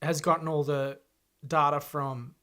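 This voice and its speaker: Young male co-host, sharp bright tone, eager, keeps pitching ideas. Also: unhurried, smooth. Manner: excitable, chips in ideas, acts out lines. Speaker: podcast co-host. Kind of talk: casual comedic chat, brainstorming.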